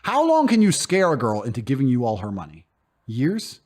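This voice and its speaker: A man's voice: mid-range voice, huge pitch swings, moderate pace, a little mellow. A man speaking bluntly and emphatically as a guest in a casual interview, swearing freely and often acting out other people's voices. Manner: acts out quoted speech in put-on voices. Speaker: podcast guest.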